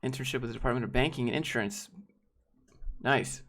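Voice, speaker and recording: A young man from Georgia hosting a casual livestream, reading chat and answering with quick, wry asides that trail off. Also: medium pitch, fairly bright tone. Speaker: livestream host.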